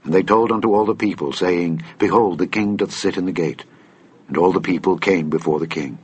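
A man reading an old Bible text aloud in a measured, solemn way. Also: sits low, a little mellow, husky. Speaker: scripture reader.

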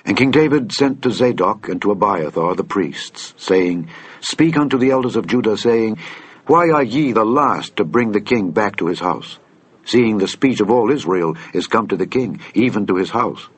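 Man, scripture reading, measured and solemn, husky tone, lowish voice. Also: expressive. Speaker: scripture reader.

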